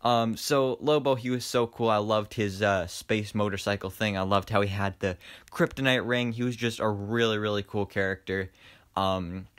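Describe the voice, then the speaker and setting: A young man casually reviewing an animated film, enthusiastic and rambling, with lots of fillers and restarts. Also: on the low side. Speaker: movie reviewer.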